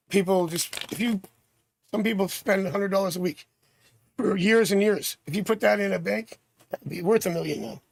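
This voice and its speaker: A man from Canada hosting a live tarot stream, chatting with viewers and thinking out loud as he reads cards. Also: sits high, creaky, slight background noise. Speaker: tarot reader and livestream host.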